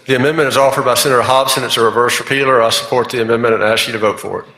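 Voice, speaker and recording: A senator walks the chamber through his bill, steady and explanatory, pausing with uh's. His voice is bright. It rings in a large echoing chamber with a long tail. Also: medium pitch. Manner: measured, explanatory, with frequent fillers. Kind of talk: legislative floor speech. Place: legislative chamber. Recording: echoey chamber with long reverb.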